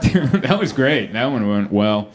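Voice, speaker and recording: An American man performs a stand-up set on a comedy club stage, the live recording full of loud crowd laughter. His voice is medium-pitched and slow, and he's animated, acting out the voices of people he quotes.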